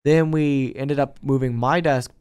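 A young man in a college dorm room, hosting a casual podcast and chatting in a relaxed, rambling way. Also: mid-range voice, unhurried, clean tone. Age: young adult. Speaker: podcast host. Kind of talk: casual chat.

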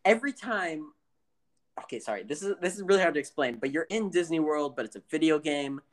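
A woman's voice: low voice, animated, a little fast. A woman co-hosting a casual podcast, telling a rambling story with lots of restarts. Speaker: podcast co-host. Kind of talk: casual chat.

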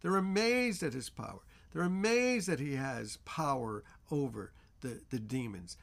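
A man's voice: mid-range voice, animated, a little slow, creaky, few pauses. A man teaching a Bible chapter as pastor, with earnest, repetitive emphasis.

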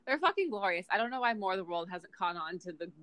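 A woman's voice: mid-range voice, fast, dry recording. A young woman in her twenties co-hosting a casual chat podcast, telling stories with lots of laughs and swearing. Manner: laughing, swearing, animated storytelling. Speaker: podcast co-host.

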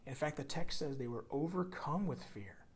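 A man preaching a sermon, swinging from loud emphasis to hushed near-whispers and repeating words as he builds a point. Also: a little high, lively intonation, normal speed, a little hiss or hum. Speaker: pastor.

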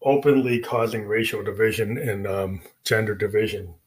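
A man's voice: on the low side, steady tone, normal speed. A man who is a musician, talking casually and rambling about his music with many fillers and restarts. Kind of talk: casual spoken explanation.

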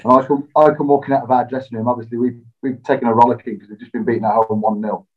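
A man telling stories as an interview guest, relaxed and self-deprecating, laughing often. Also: medium pitch, very fast. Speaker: interview guest, former footballer. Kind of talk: casual interview storytelling. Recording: slightly dull lo-fi sound.

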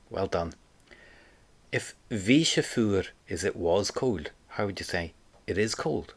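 A man leads a spoken lesson, his voice sitting fairly low. He takes it very slowly, patiently drilling each phrase and leaving gaps for the listener to repeat. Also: expressive, slightly rough. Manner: patient, slow drilling with pauses for repetition. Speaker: Irish language teacher. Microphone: close mic, home recording.

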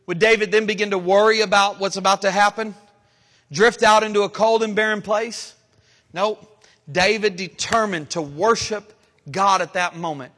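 A man pastor preaching a sermon, rising into emphatic, dramatic lines and pausing between phrases. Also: sits high, fairly even intonation, sharp tone. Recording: long hall reverb.

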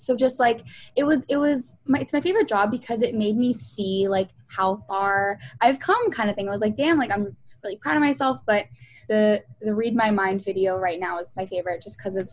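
This mid-range woman's voice comes through poor audio. She's a young music video producer telling stories in a casual interview, heavy on fillers and acted-out quotations.

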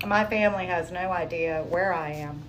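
Animated woman telling her story. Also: lowish voice, moderate pace, slight background noise, low-quality recording. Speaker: guest sharing testimony. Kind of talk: personal testimony in interview.

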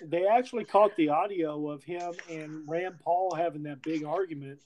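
A man's voice: fairly high pitch, normal speed, a little mellow, low-quality recording. A man hosting a podcast in casual chat, rambling with frequent restarts and swearing freely. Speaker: podcast host.

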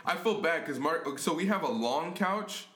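A young man co-hosting a podcast, telling a story in a casual chat, animated, laughing often and swearing a lot. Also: fairly high pitch, moderate pace. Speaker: podcast co-host. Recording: echoey room.

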